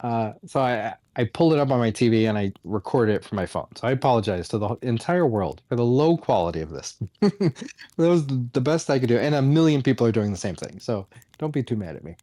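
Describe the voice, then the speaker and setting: A man's voice: medium pitch, brisk, no room sound. Mocking man on a dry podcast mic. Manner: animated, mocking, laughs often. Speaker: podcast host. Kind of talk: casual comedy podcast rant.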